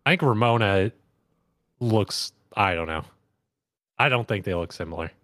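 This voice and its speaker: A man in casual chat, deadpan and contrarian. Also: lowish voice, moderate pace, no echo, clean studio sound.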